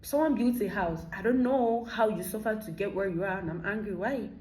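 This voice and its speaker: A Nigerian woman in her thirties giving an emphatic motivational monologue, firing off rhetorical questions. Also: fairly high pitch. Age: 30s. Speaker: vlogger. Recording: echoey room.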